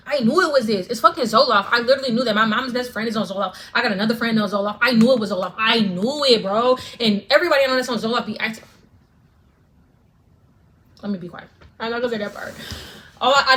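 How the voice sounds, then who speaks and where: A woman's voice: medium pitch, a bit bright. A woman vlogger ranting straight to camera, fervent and profane, repeating lines for emphasis. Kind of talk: direct-to-camera rant.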